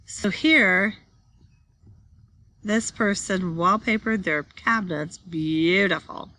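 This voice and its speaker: A woman teaching a design class in a bright voice. She reads each slide aloud, then explains it in plain words while pointing at details in the pictures. Her pitch sits in an ordinary middle range. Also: takes it slowly.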